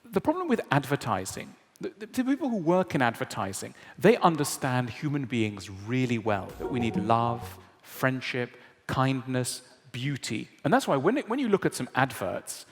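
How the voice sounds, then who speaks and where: A man's voice: medium pitch, big pitch swings, a little slow. A man giving a public lecture in a wry, conversational way, often checking in with the audience. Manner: conversational, wry, frequent tag questions. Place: large lecture hall. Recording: long hall reverb.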